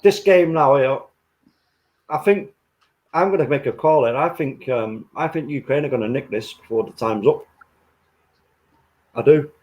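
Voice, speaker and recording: A man's voice: mid-range voice, normal speed, long pauses, darkish tone. A man from the north of England hosting a football watchalong, chatting casually and laughing often. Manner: laughs a lot, puts on rough accents. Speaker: stream host.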